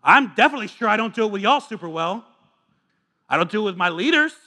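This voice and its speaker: A man in his thirties preaching a sermon as a pastor, earnest and confessional, moving between hushed asides and fervent appeals. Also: high-pitched, lively intonation, fast talker.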